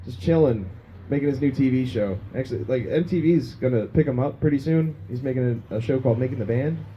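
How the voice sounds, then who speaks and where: A man's voice: mid-range voice, fairly quick, highs cut off, a little hiss or hum. A man doing a crude, self-mocking stand-up set on a small pub stage, laughing at his own jokes. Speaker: stand-up comedian.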